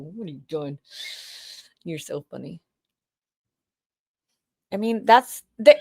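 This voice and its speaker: A woman with a Boston accent giving brash, profane, mocking live commentary on a trial. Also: mid-range voice. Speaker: livestream host.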